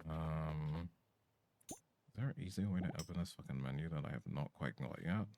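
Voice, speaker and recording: A man's voice: extremely low pitch, normal speed, warm tone, a little hiss or hum. A man streaming a game from home, chatting casually, swearing and reading on-screen text aloud into a desk mic. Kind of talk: live game-stream commentary.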